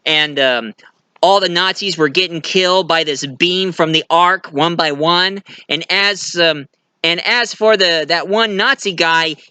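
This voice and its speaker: A man's voice: fairly high pitch, a little slow, pushed and bright, clear, resonant tone, no room sound. A man giving a casual movie review, retelling the plot in a rambling way with fillers and restarts.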